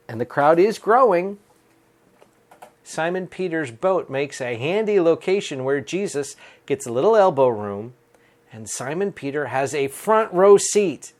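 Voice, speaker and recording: A male Catholic priest giving a daily homily for a podcast, earnest and conversational, chuckling as he speaks. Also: on the high side. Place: rectory room.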